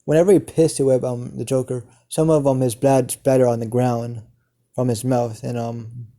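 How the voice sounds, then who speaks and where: A man improvising a fan story, narrating haltingly with many filler sounds. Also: mid-range voice, level tone, warm tone.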